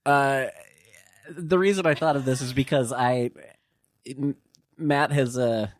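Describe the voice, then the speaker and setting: A man on a comedy podcast, starting his bit in halting bursts. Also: mid-range voice, steady tone, no echo. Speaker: podcast guest. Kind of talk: casual comedy chat.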